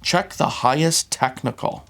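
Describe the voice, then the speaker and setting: A man's voice: on the high side, measured pace, creaky, fairly bright tone. A man hosting a tabletop game, reading the scenario aloud and explaining rules patiently.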